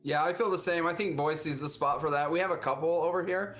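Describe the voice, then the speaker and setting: A man's voice: on the high side, steady tone, fairly quick, a bit bright, soft background music. A man from Idaho, a guest in a casual chat, joking and trailing off.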